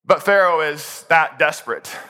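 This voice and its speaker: A man preaching a sermon as pastor, telling the story in an animated, humorous way. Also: on the high side, moderate pace.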